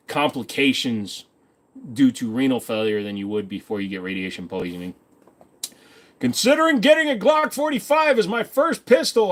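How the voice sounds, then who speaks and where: A man's voice: mid-range voice, a bit bright. A man hosting a casual livestream, reading viewer comments and answering them in a rambling, offhand way. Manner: rambling, offhand, quick asides. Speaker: streamer host.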